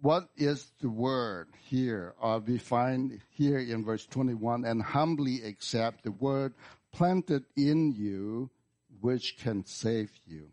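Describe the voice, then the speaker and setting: Male pastor, slow sermon delivery, repetitive emphatic phrasing. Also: medium pitch, darkish tone. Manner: slow, deliberate preaching with repeated words and emphatic restarts. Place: church.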